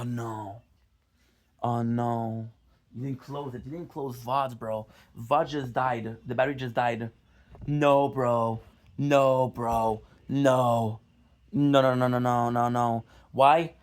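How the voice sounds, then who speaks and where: A young man vlogging to his viewers about a lost recording, frustrated, swearing, repeating himself and apologizing. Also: mid-range voice. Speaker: gaming vlogger. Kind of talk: casual vlog talk to viewers.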